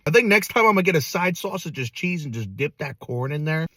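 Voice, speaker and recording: Hyped male food vlogger, high bright voice, a bit husky, slangy. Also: big pitch swings, quick pace, no room sound. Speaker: food reviewer. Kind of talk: casual food review vlog.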